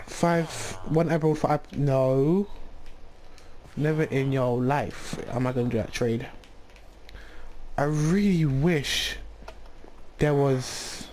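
A man talks over his gameplay in a loose, excitable ramble, often stopping to restart his sentences. His voice sits in a middle pitch. A faint hiss runs under the recording. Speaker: gaming channel host. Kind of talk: casual gameplay commentary.

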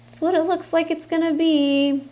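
A woman hosting a software tutorial, explaining each step in a relaxed way and thinking aloud with fillers as she works. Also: very high-pitched, normal speed. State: has the hiccups. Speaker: tutorial host. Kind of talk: screen-recorded software tutorial.

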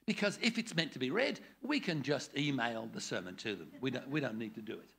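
An older man teaches preachers in a blunt, joking way. His voice is gravelly and a little husky, and it sits fairly high. His pitch swings widely as he acts out examples. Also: lively intonation, fairly quick, a bit bright. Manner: blunt, jokey, demonstrates tones of voice. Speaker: preaching trainer.

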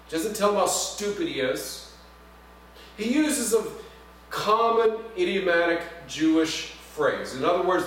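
A man with a high voice preaches in a church, recorded from a distance so his words ring through a very echoey room. He talks in a conversational way, asks his listeners questions and slips in light jokes, with a faint hum underneath. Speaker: pastor. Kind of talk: sermon. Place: church sanctuary.

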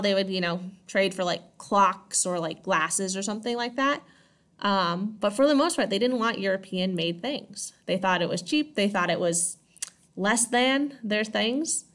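A woman's voice: mid-range voice, a bit bright. Woman teacher telling history casually, keeps asking right? okay?, mid voice. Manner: chatty, checks in with 'right?' and 'okay?'. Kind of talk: casual classroom lecture.

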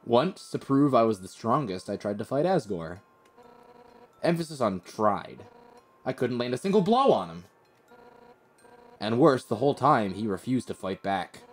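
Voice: mid-range voice, big pitch swings, moderate pace, long pauses, soft background music. Streamer doing a hot-headed fish warrior lady from a game, brash and teasing, voice bouncing up and down. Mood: storytelling. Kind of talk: reading game dialogue aloud.

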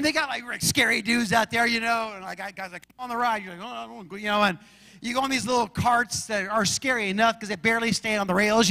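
A man from Arizona preaching a sermon as pastor, telling stories in an animated way and acting out shouts and roars. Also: extremely high pitch, big-room sound. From Arizona, USA.

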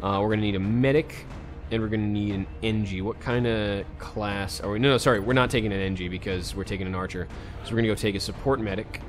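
A man's voice: on the low side, fairly even intonation, quick pace, soft background music. A man recording casual gameplay commentary as a let's play host, talking to himself and breaking into frustrated outbursts. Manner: talks to himself, swings into sudden frustrated outbursts.

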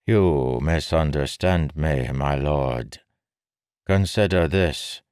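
A sly male king who needles and persuades without ever raising his voice, as a man puts him on. The voice sits very deep and moves unhurried. It sounds like a storybook reading in a dry, close space. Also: dry recording. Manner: smooth, needling, calmly persuasive. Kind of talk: audiobook character voice.

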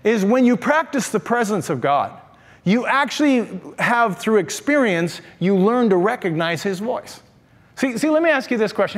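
An older man preaching a sermon, telling stories in an animated way and putting questions to the congregation. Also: high voice, brisk. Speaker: pastor. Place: large church sanctuary. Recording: long reverb of a large hall.

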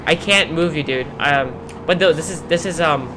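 A man chatting casually on a gaming livestream, goofy and excitable as he jokes with friends. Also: fairly high pitch, moderate pace, background noise. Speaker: game streamer. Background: game music.

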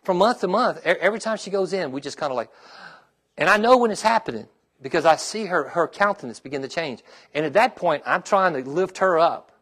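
A middle-aged male pastor preaching a sermon, checking in with the congregation with "okay?" and "amen?" and dropping to a quiet, heartfelt tone when he talks about his own trials. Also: high voice, lively intonation, a little fast.

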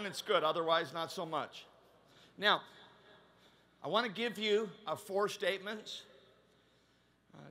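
A male pastor preaching a sermon to a large conference crowd. He repeats words and restarts often, and he swings between shouting and a low, quiet, confiding voice.

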